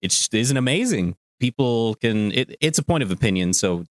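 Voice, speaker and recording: A man co-hosting a casual podcast, talking animatedly with casual swearing, dropping into quick jokey voices as he retells scenes. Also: mid-range voice, animated, no echo, studio quality. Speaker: podcast co-host.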